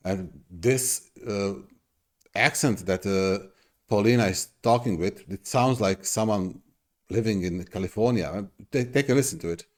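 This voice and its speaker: A man's voice: on the low side, a little slow. A middle-aged man hosting a reaction video, talking casually in an effusive, rambling way with many restarts.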